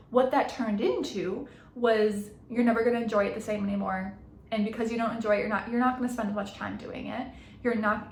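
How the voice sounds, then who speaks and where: A woman in her thirties tells a personal story in an earnest, reflective way, circling back and correcting herself as she goes. Her voice sits a little high, and the room around her rings with echo. A faint hiss lies underneath. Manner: earnest, reflective, frequent restarts and self-corrections. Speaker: podcast host and coach.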